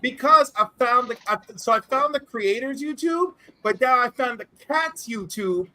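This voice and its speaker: Man, casual panel chat, blunt, swears, high voice, very bright tone. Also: normal speed. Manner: emphatic, blunt, swears freely. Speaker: panel guest.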